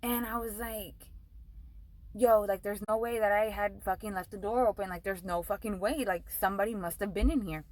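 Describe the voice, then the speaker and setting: A woman's voice: mid-range voice, steady tone, moderate pace, a little mellow, dry recording, poor audio. Rambling, swearing young woman vlogger. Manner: profane, rambling, says "like" a lot. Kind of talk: casual storytelling.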